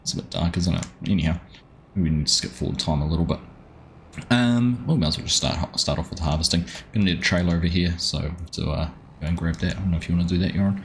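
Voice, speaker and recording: Male streamer host, deep voice, easygoing chatter, greets viewers by name. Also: fast talker, a little hiss or hum. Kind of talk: casual live-stream commentary.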